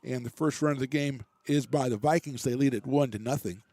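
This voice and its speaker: A man doing relaxed, chatty play-by-play commentary for a college baseball game, with self-deprecating asides. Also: medium pitch, a little fast, dry recording. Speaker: play-by-play announcer.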